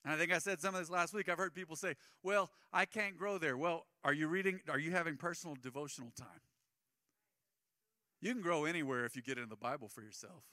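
Pastor guy preaching, bright voice, dry close sound, slips into voicing other folks. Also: on the high side, fast talker, dry recording. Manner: conversational, preachy, acts out quoted people. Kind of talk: sermon.

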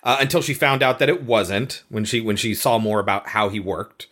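A woman's voice: a bass voice, moderate pace, fairly bright tone. A woman co-hosting a casual podcast, recapping a movie in an emphatic, chatty way and swearing casually. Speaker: podcast co-host.

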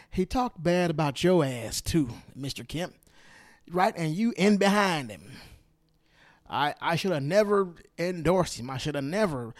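A man delivers a podcast monologue in a fairly high, very animated voice. He hammers his points home by repeating phrases, now loud, now hushed. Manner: emphatic, repeats phrases for stress, swings between loud and hushed. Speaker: podcast host. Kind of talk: opinionated political monologue.

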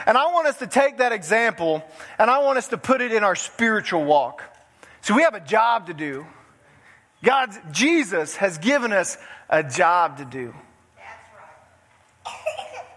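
Man, pastor, high-pitched, folksy sermon, long hall reverb. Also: big pitch swings, a little slow, long pauses, fairly bright tone. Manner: folksy, chuckles through the story. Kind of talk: sermon with storytelling. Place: church sanctuary.

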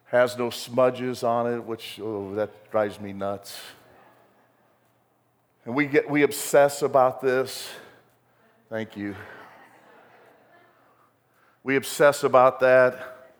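A man's voice: mid-range voice, fairly bright tone. A male pastor preaching a sermon, telling folksy stories and building to emphatic bursts. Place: church sanctuary. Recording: long hall reverb.

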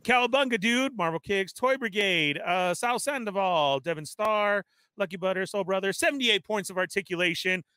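A man hosting a casual live stream, energetically reading out viewer shout-outs one after another. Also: high voice, lively intonation, normal speed, clear, resonant tone, no echo. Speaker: livestream host.

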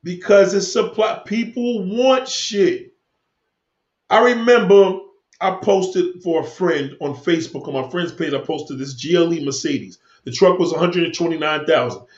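A man's voice: on the high side, a little slow, a little mellow. A man ranting heatedly to viewers of his stream, swearing a lot as he rambles from one point to the next. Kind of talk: profane rant to stream viewers. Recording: echoey room, dull lo-fi sound.

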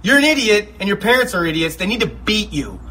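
A man's voice: high voice, very animated, fast, sharp tone, heavily acted. A man playing a blunt, exasperated father scolding his kid in a comedy sketch. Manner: scolding, gruff. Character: exasperated blunt middle-aged dad, scolding.

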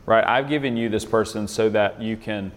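A man's voice: fairly low pitch, normal speed, in a large hall. A man leading an interactive Bible lesson in a conversational way, often quizzing his listeners with questions. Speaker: Bible study leader.

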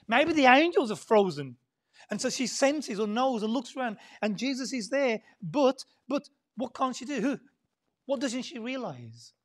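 A woman preaching an Easter Sunday sermon in a conversational way. She often drops to near-whispers and then pushes into loud, emphatic lines, and she repeats words and fills pauses as she thinks aloud. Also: mid-range voice. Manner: repeats words and adds many fillers while thinking aloud.

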